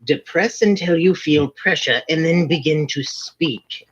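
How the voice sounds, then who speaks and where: A man's voice: on the high side, measured pace, slight background noise. A playful man from the southern United States, chatting casually as a podcast co-host. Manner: playful, slips into silly voices. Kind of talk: casual chat. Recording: dull, lo-fi sound.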